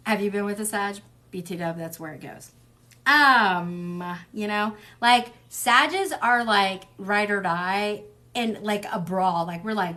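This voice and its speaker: A young woman gives a casual tarot reading in a loose, rambling way and often goes off on tangents. She is blunt and salty and swears without a second thought. Her talk is packed with "like" and "um." Her voice sits at an ordinary pitch for a woman. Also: slow, bright, forceful tone. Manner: chatty, wanders off on tangents; fills with "like" and "um". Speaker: tarot reader.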